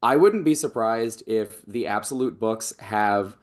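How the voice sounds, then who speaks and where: Low voiced guy on a comics podcast, lots of ums and restarts. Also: unhurried. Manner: hesitant, many fillers and restarts. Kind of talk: casual podcast chat.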